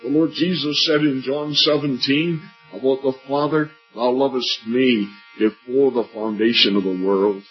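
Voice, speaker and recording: An older man preaches an earnest evangelistic sermon at a meeting. His voice climbs high when he asks questions and sinks low and quiet on the key lines. The recording is dull and lo-fi, with faint music underneath. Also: steady tone, unhurried, few pauses. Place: church meeting.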